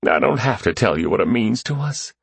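A man's voice: lively intonation, fairly quick, creaky, husky, dry recording. A man voicing an overjoyed father leaving a phone message, his voice choked and exhilarated. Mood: grateful. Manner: choked, exhilarated voice, high and strained.

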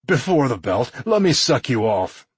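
A man voicing a big, powerful man in an audiobook, with a ragged, rasping voice and a wheedling, begging manner. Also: lowish voice, lively intonation, extremely slow, fairly bright tone, no room sound, heavily acted. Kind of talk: audiobook character voice.

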